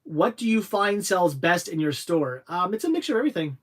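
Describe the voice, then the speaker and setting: A young adult man with a somewhat higher-than-average voice chats casually through a livestream. He reads viewer questions aloud, then answers in a loose, rambling way, full of restarts and halting pauses. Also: sing-song. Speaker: livestream host answering chat.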